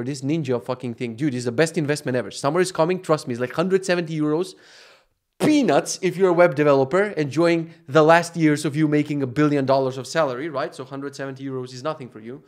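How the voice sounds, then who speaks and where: A man hosting his own podcast, talking casually, swearing often and wandering off on tangents. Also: mid-range voice. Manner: profane, ranting, wandering off on tangents. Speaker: podcast host. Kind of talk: casual rambling monologue.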